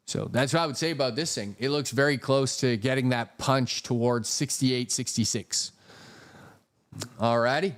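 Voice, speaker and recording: A man hosts a casual trading live stream, walking through charts and thanking viewers for super chats. He swears freely and jokes as he goes. His voice sits at an ordinary pitch for a man. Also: normal speed. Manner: profane, jokey, reads super chats aloud.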